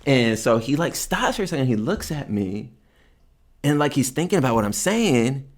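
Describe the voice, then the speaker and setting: A man telling a story casually, full of fillers, getting animated and jumping high when he quotes himself. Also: normal speed. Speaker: community member telling a story.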